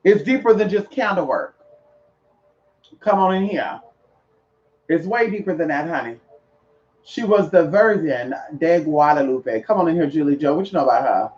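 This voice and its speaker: Sassy high-voiced man, lo-fi sound. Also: lively intonation, moderate pace, long pauses, darkish tone. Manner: sassy, flamboyant, calls listeners girl and honey. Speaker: spiritual practitioner talking to viewers. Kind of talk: casual live chat.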